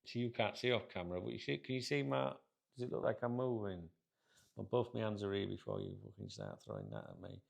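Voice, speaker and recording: Sitting in a chair indoors, a middle-aged man runs a football channel and grumbles through a rambling, sweary, casual rant to camera. He talks fast and expressively in a fairly low voice with vocal fry.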